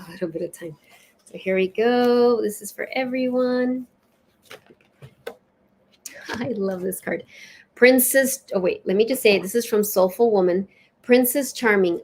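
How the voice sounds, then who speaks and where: A woman hosts a live spiritual session in a relaxed, chatty way. She reads oracle cards aloud with an expressive, lilting delivery. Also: mid-range voice. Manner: warm, chatty, lilting and expressive, with soft laughs. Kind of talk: casual live-stream chat and oracle card reading.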